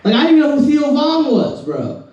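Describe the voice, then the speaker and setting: A man's voice: very high-pitched, huge pitch swings, moderate pace, a little mellow, recorded from a distance, highs cut off. A man from Florida with a Southern accent, doing a rambling, laid-back stand-up set and calling everyone bro. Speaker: stand-up comedian. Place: comedy club stage. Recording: echoey room, mic from afar.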